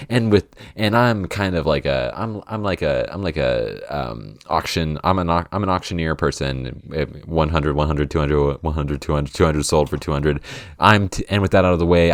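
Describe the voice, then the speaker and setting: A man's voice: sits low, no echo, clean studio sound. A man co-hosting a podcast in laid-back casual chat, laughing and rambling. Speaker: podcast co-host.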